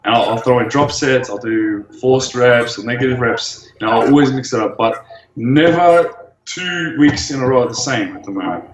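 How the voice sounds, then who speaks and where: A man's voice: medium pitch, moderate pace, slight background noise. Laid-back young man in an echoey room. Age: 20s. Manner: laid-back, swears casually, restarts often. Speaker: guest, bodybuilder. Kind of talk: casual interview chat.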